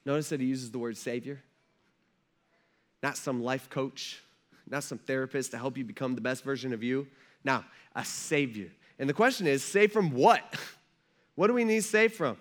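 A man in his thirties preaching a sermon from a church stage, telling stories in an animated, conversational way with lots of asides. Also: medium pitch, normal speed. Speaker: pastor.

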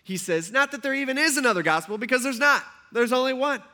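A man preaching a sermon to his congregation, animated and joking, often acting out the people he describes. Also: very high-pitched, fast. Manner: animated, joking, acts out voices. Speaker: pastor.

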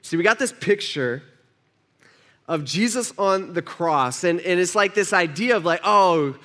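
A man's voice: high-pitched, animated, unhurried, pushed and bright. A man preaching a conversational sermon, acting out the voices he quotes. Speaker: pastor.

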